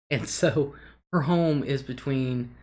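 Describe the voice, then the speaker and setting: A woman's voice: extremely low pitch, a little mellow. A woman hosting a casual livestream, chatting loosely, reading viewer comments aloud and laughing often. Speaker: livestream host.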